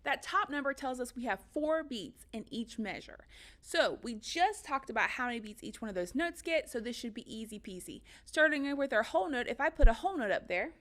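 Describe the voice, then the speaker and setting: A woman's voice: a little high, lively intonation, brisk, fairly bright tone. A woman music teacher giving a recorded lesson for children, upbeat and encouraging, counting beats and chanting rhythms aloud.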